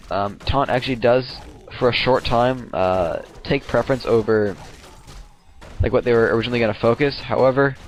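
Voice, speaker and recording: Young man, casual game replay commentary, quick pace, rambling, profane, slangy, middle pitch. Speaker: player commenting his own match replay.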